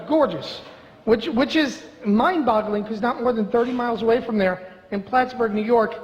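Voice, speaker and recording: A man's voice: extremely high pitch, noisy background. A middle-aged man doing a stand-up comedy set in a club, brash, profane and mock-outraged. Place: comedy club stage before a live audience. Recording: reverberant club with audible ambience.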